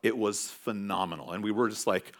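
A man preaching a sermon as a pastor, telling stories in a conversational, animated way. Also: lowish voice, brisk. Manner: conversational storytelling with animated swings.

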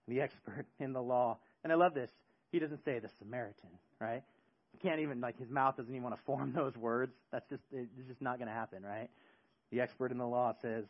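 A man preaching a sermon, moving from hushed storytelling to loud, emphatic preaching, with joking asides. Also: mid-range voice, steady tone, brisk, dull audio. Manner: joking, self-deprecating asides. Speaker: pastor.

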